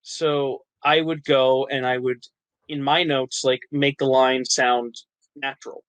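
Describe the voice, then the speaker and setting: A man's voice: mid-range voice, level tone, takes it slowly, a bit bright, no room sound, rough recording. A man from New Jersey, an actor and writer, chatting as a podcast guest, laughing often and restarting his sentences. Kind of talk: casual interview chat.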